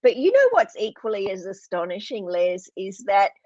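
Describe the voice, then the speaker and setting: A woman's voice: medium pitch, very animated, normal speed, a little mellow, no echo, lo-fi sound. A woman hosting an online interview, enthusiastic, with many restarts and fillers. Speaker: host.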